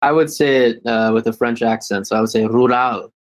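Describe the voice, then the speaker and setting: A man joining a webcast from home, joking in a playful, deadpan way. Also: medium pitch, fast. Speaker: guest. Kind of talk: casual webcast banter.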